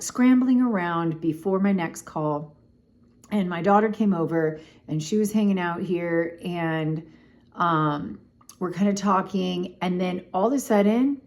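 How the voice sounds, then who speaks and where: A middle-aged woman chatting casually to camera, telling a personal story in an animated way, with lots of "like" and "oh my gosh.". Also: on the low side. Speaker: vlogger.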